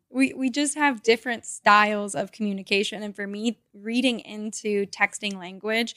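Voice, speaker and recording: A woman's voice: medium pitch, fairly even intonation, normal speed, sharp tone, no room sound, clean studio sound. A woman co-hosting a casual podcast, reflective and open about her own feelings. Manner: reflective, openly shares own feelings, laughs easily. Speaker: podcast co-host.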